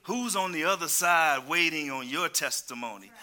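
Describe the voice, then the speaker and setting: A male preacher delivering a sermon, calling out to the congregation and swinging between loud exclamations and hushed asides. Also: on the high side, animated, moderate pace. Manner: calls out to the congregation.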